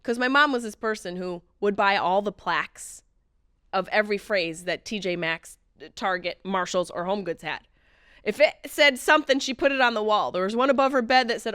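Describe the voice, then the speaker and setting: A comic podcast host in her late thirties delivers a comedic monologue in a higher, crisp, dry voice at a brisk pace on a dry recording. Animated and wry, she mimics others in mock voices and swings between loud outbursts and low mutters.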